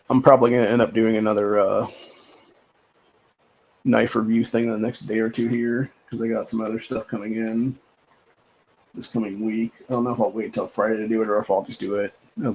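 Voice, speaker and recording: A man's voice: on the low side, little pitch movement, moderate pace, vocal fry, pauses often, darkish tone, husky, poor audio. A man hosting a livestream, talking in a rambling, profane, casual rant with lots of repeated filler phrases. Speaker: livestream host.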